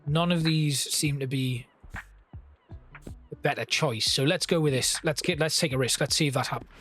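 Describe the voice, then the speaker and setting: Male gameplay commentator, relaxed and chatty, a bit higher-pitched than most men, soft music under him. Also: moderate pace. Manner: chatty, thinks aloud, reads game text.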